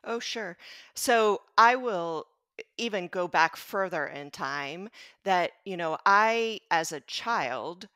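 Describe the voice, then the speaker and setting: A woman's voice: lowish voice, slow, dry recording, clean studio sound. A middle-aged woman, a pediatrician guest on a podcast, telling a personal story in an earnest, reflective way. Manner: reflective, earnest, animated when quoting others. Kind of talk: conversational storytelling.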